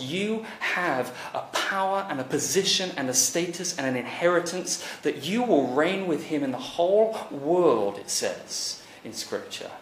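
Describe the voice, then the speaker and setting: A man preaching a conversational sermon, animated, rising to emphatic peaks and then dropping quiet. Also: a little high, unhurried, hardly any pauses, slight background noise. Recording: echoey church hall recording.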